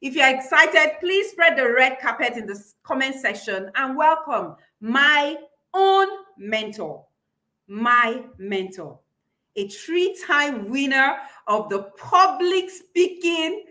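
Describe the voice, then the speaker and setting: A woman's voice: high-pitched, big pitch swings, slow, sharp tone. A woman public speaking coach teaching a live-streamed class, emphatic and repeating key phrases for her followers.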